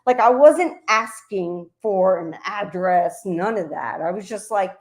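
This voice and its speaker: A woman's voice: mid-range voice, lively intonation, a little slow, few pauses. A middle-aged woman streamer delivering an angry, profane, confrontational rant to her audience. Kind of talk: heated livestream rant.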